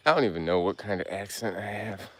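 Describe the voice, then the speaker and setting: A man's voice: fairly low pitch, fast talker, a bit bright, no room sound. A man hosting a casual livestream while walking a hilly woodland trail, rambling loosely with lots of filler words and slurring some words. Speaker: livestream host.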